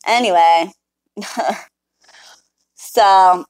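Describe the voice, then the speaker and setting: A woman's voice: on the low side, a little slow, a little mellow, no room sound, poor audio. A woman casually telling a story to her viewers, blunt and full of swearing. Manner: profane, blunt, talks straight to viewers. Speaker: spiritual worker telling a client story. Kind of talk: casual storytelling to a live chat.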